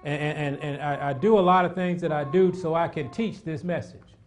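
A middle-aged man preaching a sermon, animated and repetitive, with asides to the congregation. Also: on the high side, fairly quick, a little hiss or hum.

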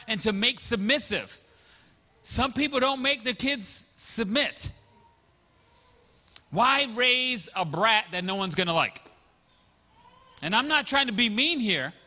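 A man's voice: sits high, bright, forceful tone, long reverb tail. A man preaching a sermon as a pastor, telling stories in a conversational way and acting out what people said. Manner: conversational storytelling, acting out quoted dialogue.

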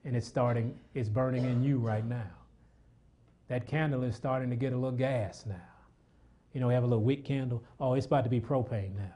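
A man's voice: mid-range voice, fairly even intonation, a little fast, warm tone, a little hiss or hum. A man preaching a sermon, reading scripture aloud and calling out questions to his congregation.

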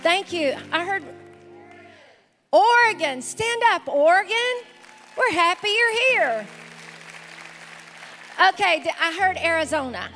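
A woman's voice: very high-pitched, big pitch swings, slow pace, long pauses, pushed and bright, big-room sound. A woman pastor with a Southern accent, welcoming visitors from the pulpit in an enthusiastic, calling-out manner during a church service. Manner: enthusiastic, calls out to the congregation. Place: large church sanctuary with a congregation. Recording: live church service with music and crowd.

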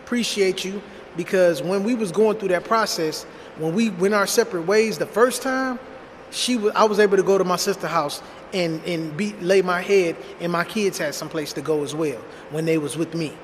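A high-voiced man in his thirties tells a personal story bluntly and casually. He talks straight to his viewers with lots of slang. His voice carries a long reverb, with a faint hum underneath. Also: moderate pace. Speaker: storytime vlogger.

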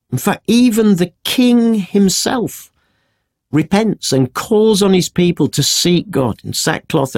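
A man teaching a Bible story in a conversational podcast, acting out the quotes as he tells it. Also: a little high. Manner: animated storytelling with acted-out quotes.

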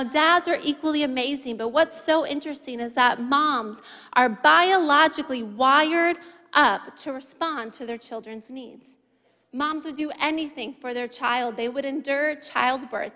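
A woman's voice: sits high, sharp tone. A woman in her thirties preaching a sermon to a congregation, emphatic, repeating key phrases and adding playful asides to the crowd. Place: large church hall. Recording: long reverb of a large hall.

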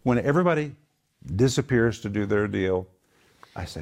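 A middle-aged man hosting a casual chat, telling stories with rising excitement. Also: on the low side, normal speed. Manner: animated storyteller, voice rising with excitement. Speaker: host.

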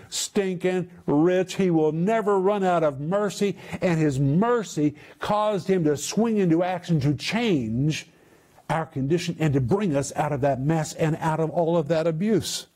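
A male preacher delivering a teaching sermon. His voice sits a little high but sounds dark and mellow. He unpacks the meanings of Greek words and stresses key points by repeating them. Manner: expounds Greek word meanings with emphatic repetition.

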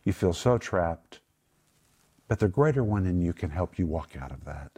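A man's voice: low voice, lively intonation, moderate pace, warm tone, breathy edge. A middle-aged man hosting a Bible teaching group, preaching earnestly, praying aloud and patiently explaining the meaning of words. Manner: earnest, emphatic preaching that moves into spoken prayer.

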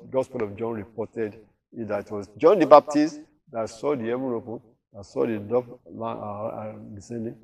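A man's voice: medium pitch, a little mellow, recorded from a distance. A man teaching a Bible study, reading verses aloud and explaining them with rhetorical questions.

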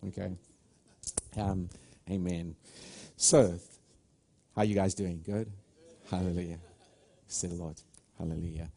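A man's voice: sits low, little pitch movement, a little slow, long pauses, mellow. A man from Africa, a pastor giving a live church sermon in an earnest, stop-start way, often restarting and calling out to the congregation. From South Africa. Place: church sanctuary.

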